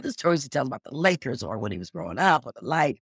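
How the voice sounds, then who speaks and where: A middle-aged woman telling a story as an interview guest, animated and acting out the dialogue she quotes. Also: fast, slightly rough, dry recording, studio quality. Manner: animated, acts out quoted dialogue with big pitch jumps.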